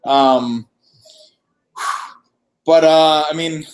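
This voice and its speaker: A man on a casual live-stream chat, telling a lively story and acting out the dialogue. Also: fairly high pitch, very slow. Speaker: co-host. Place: wine shop after hours, dim lighting.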